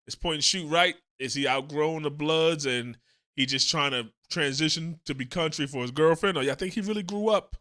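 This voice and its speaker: A man hosting a casual reaction commentary show, animated and speculative, swearing freely as he talks. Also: fairly high pitch. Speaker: YouTube commentary host.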